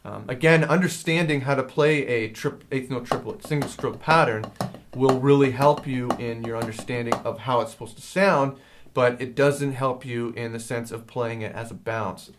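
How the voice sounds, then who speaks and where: A man teaching a drum lesson in a casual, rambling way, hesitating and filling pauses as he explains. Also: medium pitch, fairly even intonation, noisy background. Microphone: handheld field recorder.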